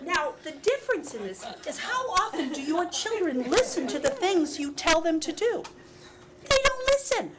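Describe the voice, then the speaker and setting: A woman leading a parenting workshop, talking to parents in a lively, laughing way and often acting out little dialogues. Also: high voice. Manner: animated, laughing, acts out dialogues. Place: school workshop room. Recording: heavy hiss with clicks, 2000s local TV.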